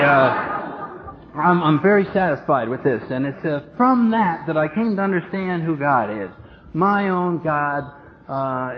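A man's voice: fairly high pitch, big-room sound. A man sharing his story at a recovery meeting, humorous and self-mocking, acting out the voices of people he quotes. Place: meeting room with an audience. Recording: dull lo-fi recording with background noise.

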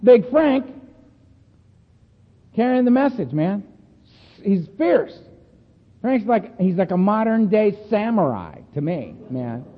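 A high-pitched man speaks at a recovery meeting in an animated, chatty storytelling way, laughing often between lines. The sound is thin and tinny, like a phone line, with a long echo from a meeting hall. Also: a little slow. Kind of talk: storytelling talk.

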